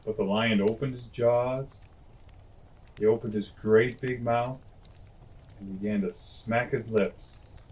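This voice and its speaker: A man reading classic children's stories aloud at bedtime, gentle and homely, with chatty asides. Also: lowish voice, fairly even intonation, unhurried, rough recording. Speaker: storyteller. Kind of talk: bedtime story read-aloud.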